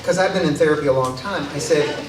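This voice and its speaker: A man telling a true comic story on stage, self-deprecating and excitable. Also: a little high, fast talker. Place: stage before a laughing audience. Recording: echoey live room from a distance.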